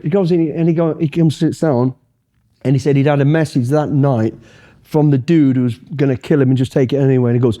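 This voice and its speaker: A man's voice: a little high, a little fast. Sweary man telling a war story. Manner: profane, animated, acts out the dialogue. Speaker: interview guest, ex-soldier. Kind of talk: casual storytelling in an interview.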